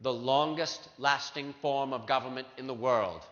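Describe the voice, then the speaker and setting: A man's voice: mid-range voice, normal speed, fairly bright tone, close to an everyday voice. An actor playing a proud, self-assured founding-era statesman, insistent and grand, in a live historical re-enactment for students. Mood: defensive. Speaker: costumed performer at an educational show. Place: large hall with a live audience. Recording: dull, echoey hall.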